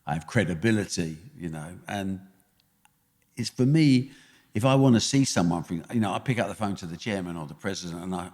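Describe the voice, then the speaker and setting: A man's voice: low-pitched, darkish tone, long reverb tail. An older man with an East London accent, a guest telling blunt, punchy stories in a podcast interview. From England. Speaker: guest, sports promoter.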